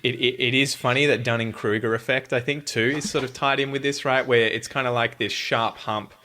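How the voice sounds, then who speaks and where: Lively Australian man, bright voice. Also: mid-range voice, a little fast, a little hiss or hum. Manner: animated, swears freely, acts out quotes. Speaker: podcast guest. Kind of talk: casual chat.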